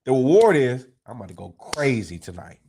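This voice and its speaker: Dude preaching scripture, voice all over the place, keeps asking you understand. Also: male voice, medium pitch, brisk, gravelly, a little hiss or hum. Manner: animated, streetwise, swearing, asks "you understand?". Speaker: teacher. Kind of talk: street preaching scripture class.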